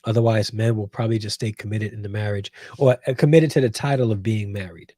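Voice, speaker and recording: A man's voice: lowish voice, steady tone, fast, mellow, no echo. A man hosting a show, giving emphatic Bible commentary and repeating phrases for weight. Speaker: host.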